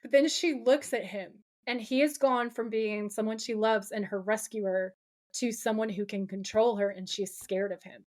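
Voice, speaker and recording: A woman co-hosting a podcast, recapping a TV episode in casual chat with dramatic, animated retelling and occasional swearing. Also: medium pitch, moderate pace. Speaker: podcast co-host.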